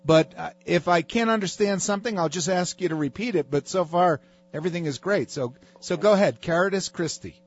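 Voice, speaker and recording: A man's voice: high-pitched, fairly quick, slightly rough, dull audio. A man hosting a talk radio show, speaking in an emphatic, preachy way.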